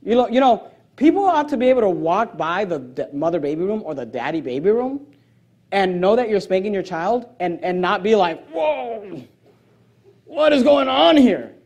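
A man's voice: lively intonation, brisk, darkish tone. A man preaching a sermon as pastor, emphatic as he reads out scripture and throws in joking asides. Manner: joking asides, voice jumping high on punch lines.

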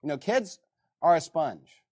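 Guy preaching, high voice that jumps all over, animated, reads bible verses out loud. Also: measured pace. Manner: animated preaching, reading scripture aloud. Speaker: pastor. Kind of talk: sermon.

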